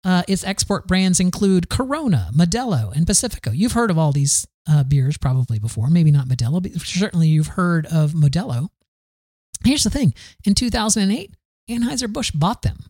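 A man's voice: high-pitched, very animated, a little fast, darkish tone, dry recording, studio quality. A man hosting a podcast, riffing through the news in a casual, sarcastic way, full of fillers and restarts. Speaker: podcast host.

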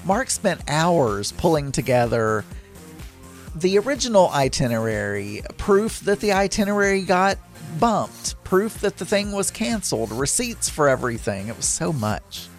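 A man talks through his day on his own podcast, loose and rambling, and he laughs easily. His voice sits a little high for a man. Soft music plays faintly behind him. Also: big pitch swings, a little slow. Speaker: podcast host. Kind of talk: casual solo podcast monologue. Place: home.

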